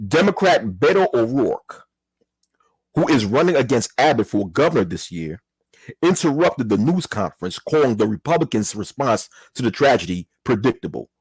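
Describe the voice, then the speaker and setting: A man's voice: mid-range voice, big pitch swings, normal speed, husky, no room sound. A man hosting his own channel, reading a news article aloud and commenting in a casual way, with an apology or a mild curse now and then.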